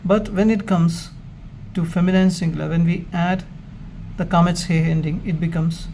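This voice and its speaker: A man teaching Hebrew grammar in a slow, measured way, explaining step by step with pauses. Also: high-pitched, fairly even intonation, creaky, dark tone, slight background noise. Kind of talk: slow, methodical grammar lesson.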